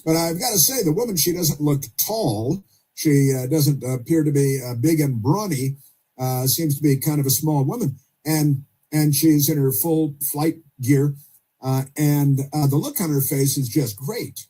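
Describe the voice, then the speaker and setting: A man hosting opinionated talk radio speaks haltingly, with many fillers and restarts, tossing in sarcastic asides. His voice is fairly high in pitch yet dark in tone and slightly rough.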